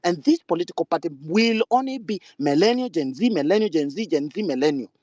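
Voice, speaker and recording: A man's voice: high voice, animated, fast talker, a little mellow, no echo. A man in a live online discussion, speaking insistently like a campaign speech. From Kenya.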